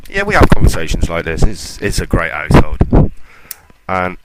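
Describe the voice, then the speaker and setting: Rambling man, loud noise behind. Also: sits low, wildly swooping pitch, normal speed. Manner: ranting, self-mocking, off-topic. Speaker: podcast host. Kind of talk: casual rambling chat.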